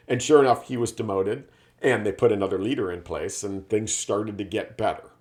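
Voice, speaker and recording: A man's voice: on the low side, brisk. A man, a sales leadership speaker, telling a business parable in a casual storytelling style, often adding tag questions. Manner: chatty, frequent tag questions.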